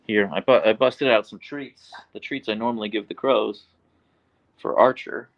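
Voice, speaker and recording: Gravelly low-voiced man chatting on a livestream. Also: normal speed, dry recording, lo-fi sound. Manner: chatty, reads and answers viewer comments. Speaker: livestream host and dog owner. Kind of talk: casual livestream chat.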